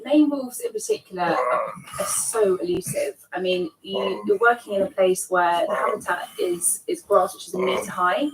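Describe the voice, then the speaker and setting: A woman's voice: mid-range voice, big pitch swings, moderate pace, noisy background. Woman, wildlife filmmaker, interview, enthusiastic, mic far off, faint ambience.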